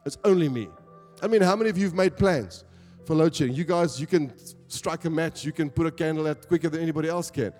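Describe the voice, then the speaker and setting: South African pastor preaching in a reverberant hall. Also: male voice, fairly high pitch, fast, darkish tone. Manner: preaching with rising emphatic calls to the congregation. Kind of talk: sermon. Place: church hall. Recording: long church hall reverb with faint music.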